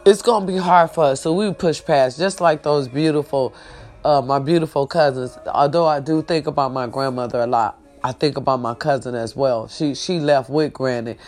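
A woman's voice: a bass voice, normal speed, darkish tone. A woman in a casual, heartfelt livestream talk. She speaks straight to her viewers, repeats herself, and fights back tears while praising God and her family. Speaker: online show host.

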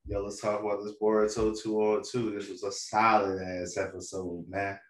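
A young man casually recapping an anime episode with a co-host, animated and slangy, acting out the characters' lines as he goes. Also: lowish voice, moderate pace.

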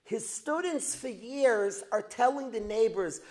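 A man teaching a religious lesson as a dramatic story, repeating phrases for emphasis and building to loud outbursts. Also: extremely high pitch, unhurried. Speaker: Torah teacher. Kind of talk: storytelling lecture.

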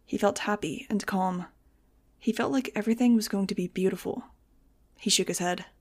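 Woman narrator for a fan audiobook, mid pitch, even storytelling read. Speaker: audiobook reader.

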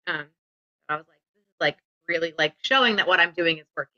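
A woman's voice: lowish voice, fast, bright, forceful tone, no room sound. Giggly woman guest on a dull line. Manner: chatty, uses "like" a lot, giggly. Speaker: podcast guest. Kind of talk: casual podcast chat.

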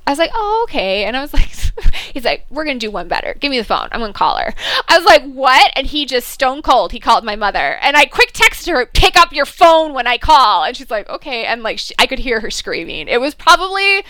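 A woman's voice: high-pitched, sharp tone, no echo. A woman co-hosting a casual fan chat, telling stories animatedly, acting out quotes and laughing often. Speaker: podcast co-host.

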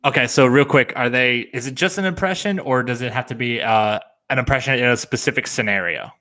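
A young man with a bright, sharp-edged voice chatting on a podcast. He is playful and drops quick deadpan jokes. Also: mid-range voice. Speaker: podcast co-host. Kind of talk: casual podcast chat.

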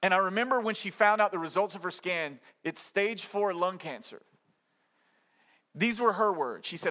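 High, bright-voiced preacher man. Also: animated, normal speed. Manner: conversational and emphatic, with rhetorical questions and acted-out quotes. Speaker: pastor. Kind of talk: sermon.

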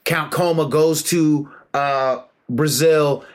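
A man's voice: a little high, steady tone, slow. A man giving an impassioned, preachy monologue about martial arts, emphatic and full of slang.

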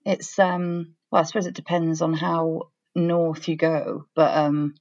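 A woman's voice: deep voice, measured pace, dull audio. A Welsh woman from South Wales, co-hosting a podcast in chatty, playful casual conversation. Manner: chatty, animated, playful teasing. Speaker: podcast co-host. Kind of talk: casual chat.

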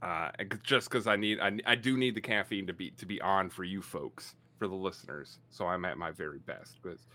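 A man's voice: sits low, normal speed, few pauses, sharp tone. A man in his forties, co-hosting a podcast in casual chat, rambling and self-mocking. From Canada. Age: 40s. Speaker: podcast co-host.

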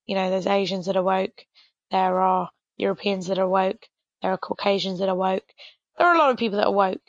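A woman's voice: medium pitch, fairly bright tone, no echo. Chatty British woman, dull dry sound. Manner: chatty, hedging with lots of likes. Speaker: podcast host. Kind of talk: casual chat.

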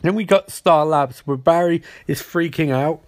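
A man hosting a podcast, retelling a TV episode in a rambling, excitable way. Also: fairly high pitch, moderate pace. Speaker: podcast host. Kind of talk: casual episode recap.

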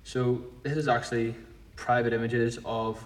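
A man's voice: medium pitch, flat delivery, normal speed. Man, podcast co-host, blunt and sweary, mid-range voice, picked up from a distance. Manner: blunt, sweary, rambling storyteller. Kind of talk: casual chat.

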